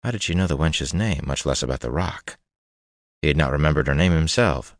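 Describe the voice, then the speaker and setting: A man narrating an audiobook in a steady, even storytelling manner. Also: rumbling low, fairly quick, dry recording, clean studio sound.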